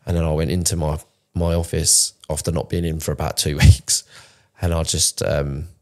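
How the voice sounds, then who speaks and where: A man in his thirties tells his story in a raw, unpolished way, often breaking off and restarting sentences. His voice is very low, with a rough, gravelly fry. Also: flat delivery, normal speed, darkish tone. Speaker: podcast co-host. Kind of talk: candid conversational storytelling.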